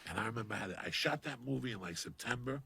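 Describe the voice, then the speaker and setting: Gravelly, profane male storyteller. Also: medium pitch, expressive, fast talker, bright, forceful tone, no room sound. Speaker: guest comedian. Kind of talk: storytelling on a podcast.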